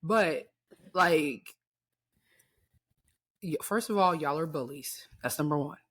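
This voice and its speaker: A woman's voice: low-pitched, slow pace, a bit bright, husky. Blunt joking woman podcast co-host. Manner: blunt, joking, lists points. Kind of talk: casual chat.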